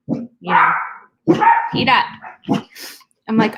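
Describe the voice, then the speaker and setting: A woman's voice: mid-range voice, measured pace, heavy background noise. A woman co-hosting a podcast, talking bluntly and heatedly in casual chat, swearing freely. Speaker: podcast co-host.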